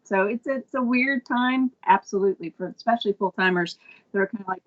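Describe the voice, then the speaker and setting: A woman's voice: mid-range voice, fairly quick, lo-fi sound. A woman speaking as a guest on a video call, upbeat and chatty. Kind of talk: casual video-call chat.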